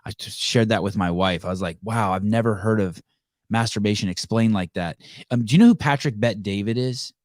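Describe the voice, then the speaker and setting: A fairly low-pitched man hosting a podcast, talking in loose, excitable bursts full of swearing and fillers. His voice sounds close and dry, with no room around it. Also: a little fast, no echo. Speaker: podcast host. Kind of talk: casual interview chat.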